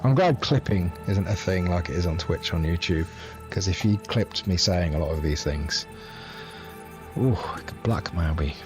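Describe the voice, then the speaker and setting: Low-voiced man chatting through a game stream. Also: expressive, normal speed. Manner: rambling, self-deprecating, jokey. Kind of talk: casual gameplay live stream chat. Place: home setup, streaming off a laptop. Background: game music.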